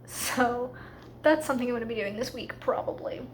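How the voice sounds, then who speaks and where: Casual woman book vlogger, high voice, chatty and loose, faint room ambience behind. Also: a little hiss or hum. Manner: chatty, frequent fillers like "like"; quick, slightly rushed asides. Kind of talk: casual reading vlog chat.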